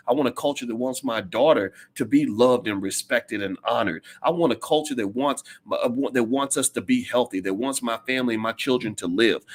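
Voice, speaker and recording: A middle-aged man giving an impassioned, preachy monologue as a commentator, hammering his points with repetition. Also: medium pitch.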